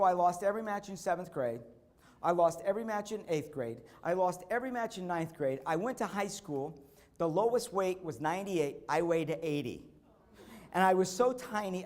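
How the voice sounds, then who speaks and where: Animated, high-voiced man giving a speech. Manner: animated storytelling, repeating key phrases; acts out quotes, bursting into shouts. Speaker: keynote speaker. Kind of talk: motivational conference speech with personal stories. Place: conference stage.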